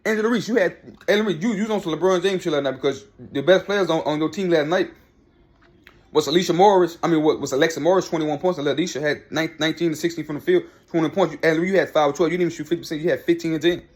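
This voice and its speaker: A man's voice: a little high, very fast. A man ranting heatedly about sports in a vlog, repeating himself and talking back to people by name. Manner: fired-up, repetitive, talks back to people by name. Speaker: sports commentary vlogger. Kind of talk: heated opinion rant.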